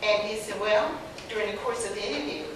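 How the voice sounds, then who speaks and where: An older woman with a Southern accent, telling lively stories on a panel, acting out the dialogue and laughing often. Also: medium pitch, quick pace. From North Carolina. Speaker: panelist, former teacher. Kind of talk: personal storytelling on a panel. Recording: very echoey distant hall recording with background noise.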